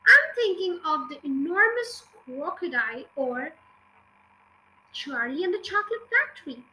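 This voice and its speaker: A woman's voice: extremely high pitch, sing-song, a little slow, pushed and bright, a little hiss or hum, low-quality recording. A woman hosting a podcast, chatting cheerfully with listeners and narrating a children's storybook. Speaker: podcast host reading a children's book.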